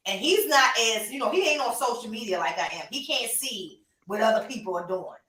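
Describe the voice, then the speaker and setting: Her voice sits a little high, bright and forceful, with lively intonation and a brisk pace. This reptile breeder co-hosts a podcast, chatting casually with emphasis, animation and laughs, captured in a roomy room at a distance from the microphone.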